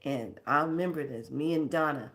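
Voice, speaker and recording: A woman slowly telling a personal story, acting out the dialogue as she goes. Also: deep voice, a bit bright. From California. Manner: slow, reflective, acts out quoted dialogue. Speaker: storyteller sharing a personal lesson.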